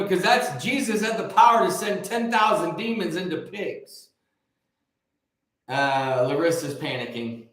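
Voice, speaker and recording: A man hosting a show and preaching casually, joking and rambling with lively energy. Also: a little high, unhurried. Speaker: host and preacher. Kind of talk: casual live preaching talk. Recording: very echoey room.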